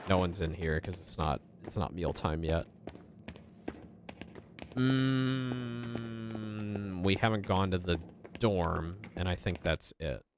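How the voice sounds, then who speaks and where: A man's voice: low voice, slow, long pauses, background noise. A man streaming a story game, chatting to himself and reading the game's lines aloud. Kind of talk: casual gameplay commentary, reading dialogue aloud.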